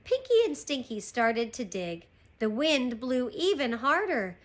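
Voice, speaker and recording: A woman teacher reading a chapter book aloud to her class, slow and expressive. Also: high voice. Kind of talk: storybook read-aloud.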